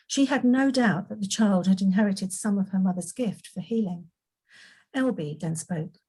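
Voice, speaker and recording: Husky-voiced woman reading a storybook. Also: medium pitch, warm tone, low-quality recording. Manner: unhurried, occasional slips and self-corrections. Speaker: author reading her own fiction.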